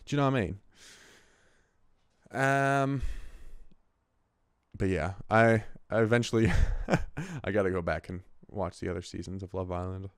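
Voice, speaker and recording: A man's voice: low-pitched, unhurried, pauses often, smooth, no room sound, studio quality. A man in his twenties who hosts the show, talking in a rambling, casual monologue full of swearing and restarts. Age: 20s. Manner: rambling, profane, restarts often. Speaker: host.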